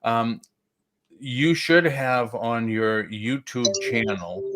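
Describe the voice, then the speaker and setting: A man hosting a casual livestream chat, talking haltingly with many fillers and restarts. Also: on the low side, a bit bright. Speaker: livestream host.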